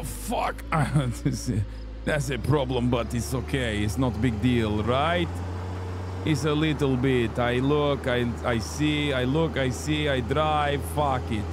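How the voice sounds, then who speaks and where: A man's voice: mid-range voice, slow pace, noisy background, close to an everyday voice. A man voicing a boastful mock-Russian male patrol cop with broken English and grandiose claims. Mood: swaggering.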